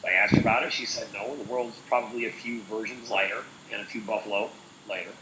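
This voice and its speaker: A man's voice: lowish voice, fairly even intonation, fast talker, reverberant, very noisy. A man co-hosting a casual talk show, rambling with many fillers. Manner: rambling, full of "like" and "uh". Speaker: co-host. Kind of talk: casual chat.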